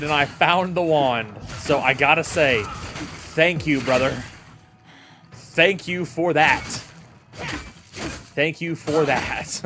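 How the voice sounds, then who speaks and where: With background noise behind him, a man whose voice sits a little high chats with viewers during a game stream. He keeps it easygoing and repeats words as he thinks aloud.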